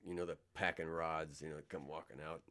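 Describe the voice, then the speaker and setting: A man's voice: extremely low pitch, little pitch movement, a little fast, fairly bright tone. A middle-aged man who is a guest musician on a radio show, telling loose, rambling anecdotes full of fillers. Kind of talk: radio interview storytelling.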